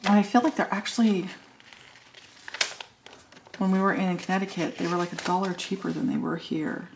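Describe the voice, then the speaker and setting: A woman's voice: on the low side, steady tone, normal speed, creaky, slight background noise. A woman chatting casually and thinking aloud while decorating a planner, joking at her own expense. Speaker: planner vlogger.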